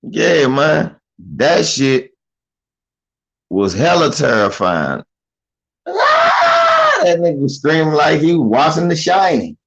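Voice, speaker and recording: Casual male commentator, lively pitch, profane, mimics voices. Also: a little slow, vocal fry, slightly rough, shouting, highs cut off. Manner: animated, laughing, mimics voices. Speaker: commentator reacting to a video.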